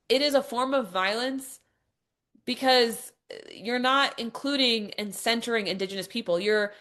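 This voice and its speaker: A woman's voice: on the high side, fairly bright tone. A woman hosting a podcast, ranting in an exasperated, mocking, profane way with lots of "like". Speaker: podcast host. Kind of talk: opinionated podcast monologue.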